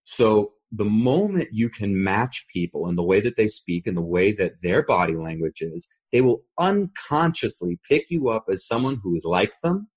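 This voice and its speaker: Male podcast host, low and husky, swings his pitch a lot while explaining. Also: moderate pace, few pauses. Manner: animated, demonstrates voices while explaining.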